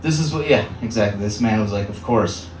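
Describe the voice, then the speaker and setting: Talking fast in a lowish, slightly mellow voice, a man in his thirties from Michigan's Upper Peninsula runs a casual stand-up set in a small bar, with fillers and acted-out voices. The echoey room is caught by a distant mic with slight background noise.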